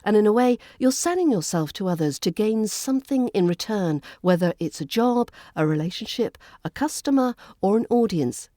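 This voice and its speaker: A woman with a British RP accent, hosting a podcast lesson in a clear, measured, well-enunciated delivery. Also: mid-range voice, lively intonation, warm tone, dry recording, clean studio sound. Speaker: accent coach and podcast host.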